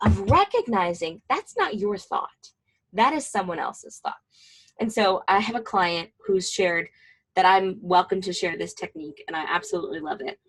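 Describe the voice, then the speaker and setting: A woman's voice: mid-range voice, animated, moderate pace, breathy edge. A woman in her twenties, a mental health counselor, giving a casual, chatty talk to fellow professionals with plenty of fillers and asides. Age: 20s.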